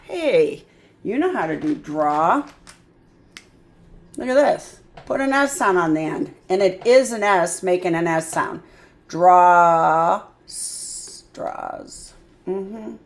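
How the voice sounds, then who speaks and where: A woman tutoring a child in phonics, sounding out words slowly and patiently. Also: lowish voice. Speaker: reading tutor. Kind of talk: phonics lesson.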